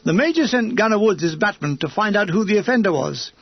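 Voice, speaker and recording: A man's voice: high-pitched, lively intonation, fast, breathy edge, no echo, dull audio. A man narrating an audiobook memoir with dry, comic storytelling.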